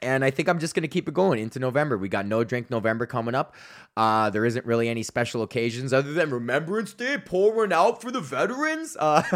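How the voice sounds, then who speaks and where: A male comedian who hosts his own podcast rambles through a stage story in a middle-pitched voice. He swears nonstop, chuckles at his own jokes, and slips into quick impressions of the people he describes. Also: lively intonation. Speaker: podcast host, stand-up comedian. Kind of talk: casual profane storytelling monologue.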